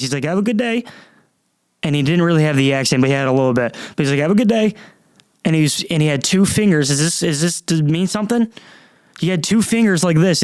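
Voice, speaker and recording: A man's voice: a little high, dry recording. A young man hosting a podcast, talking casually in a rambling, self-interrupting way with frequent swearing, in front of a camera at his computer. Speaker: podcast host. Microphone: camera and computer at a desk.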